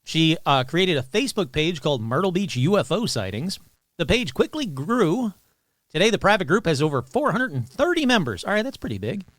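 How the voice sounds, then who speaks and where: A man's voice: high-pitched, very animated, brisk, fairly bright tone, no echo. A man hosting a paranormal podcast, reading news items aloud and adding casual joking asides. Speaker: podcast host.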